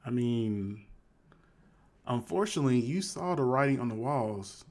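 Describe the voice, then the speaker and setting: A man hosting a live commentary stream, chatting casually and reading quoted messages aloud in a flatter, quieter voice. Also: unhurried. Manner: conversational, shifts to flat low reading voice for quoted texts. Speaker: commentary host.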